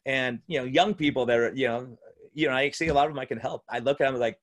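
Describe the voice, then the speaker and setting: Fast-talking enthusiastic man. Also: mid-range voice. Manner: enthusiastic, rambling with many restarts. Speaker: physician and podcast host. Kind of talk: casual conversational chat. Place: room at home.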